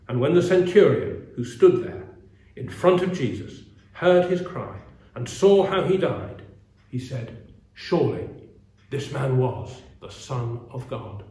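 A man preaching a sermon and reading scripture aloud in a measured, earnest way, with pauses. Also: on the high side, darkish tone. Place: church. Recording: roomy echo.

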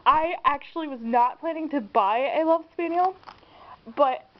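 A woman's voice: high-pitched, measured pace. A young woman chatting casually through an unboxing, gushing and giggling. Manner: bubbly and gushing, squeals and giggles often. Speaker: vlogger. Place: home room indoors. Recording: dull lo-fi home camera audio, faint hiss.

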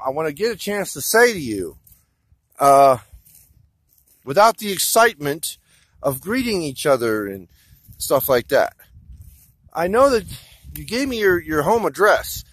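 A man recording a rambling walk-and-talk vlog outdoors, speaking straight to an absent listener, halting with many fillers and restarts. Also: a little high, a bit bright, dry recording. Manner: talks directly to an absent listener. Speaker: vlogger. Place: outdoors in open desert country. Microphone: phone or camera held while walking.

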